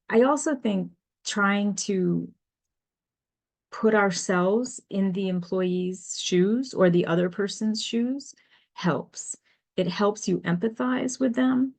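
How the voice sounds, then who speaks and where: A middle-aged woman presents a business webinar as an HR consultant, speaking slowly in a somewhat low voice. Her delivery is measured and explanatory, with frequent fillers as she works through her points. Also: a little mellow.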